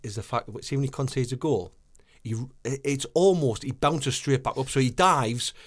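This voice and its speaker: Podcast co-host, man, mid pitch, stumbling then detailed. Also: normal speed. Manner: hesitant, repeats words, then explains in detail. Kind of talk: casual chat about goalkeeping.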